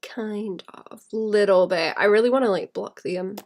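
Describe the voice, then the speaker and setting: Woman illustrator, casual drawing-stream chat, mid-pitched, rambling and laughing softly. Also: a little fast. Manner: rambling, thinks aloud, often laughs softly.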